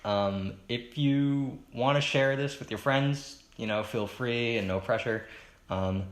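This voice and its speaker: Rambling young man, echoey room. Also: slow pace. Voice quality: monotone baritone. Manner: rambling, hesitant, with fillers and restarts; self-conscious, chatty. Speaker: podcast host. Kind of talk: solo casual podcast monologue.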